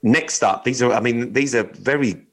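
A man's voice: medium pitch, moderate pace, poor audio. A young man co-hosting a casual chat show, reading odd news stories aloud with jokey, wry asides and casual swearing. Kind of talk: casual radio-style chat.

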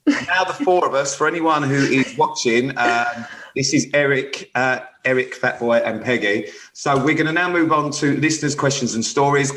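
A man's voice: mid-range voice, moderate pace, few pauses, fairly bright tone, a little hiss or hum, rough recording. A man co-hosting a casual podcast, hesitant with lots of ums and blunt in his remarks. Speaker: podcast co-host. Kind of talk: casual chat.

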